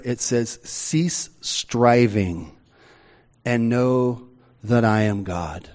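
A middle-aged man preaching a sermon in a conversational way, with slow, emphatic pauses. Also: medium pitch, a little mellow. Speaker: pastor.

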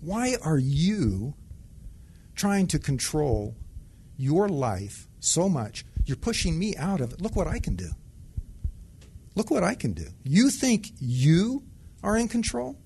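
A man's voice: fairly high pitch, sing-song, slow, dark tone, husky, pitched above the performer's own voice, exaggerated voice. A man voicing God as a stern figure who scolds with mocking rhetorical questions. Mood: chiding.

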